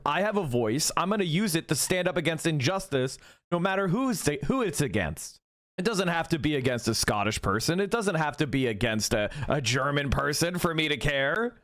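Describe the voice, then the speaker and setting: A man's voice: on the high side, fairly bright tone, no room sound, clean studio sound. Scornful, cussing streamer man. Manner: profane, scornful, ranting. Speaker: political streamer. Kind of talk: reacting to clips on a livestream.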